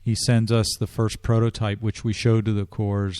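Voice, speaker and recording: A man as a guest on a radio interview, explaining things in a measured way with frequent restarts. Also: lowish voice, level tone, darkish tone, smooth, dry recording. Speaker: drum corps staff guest.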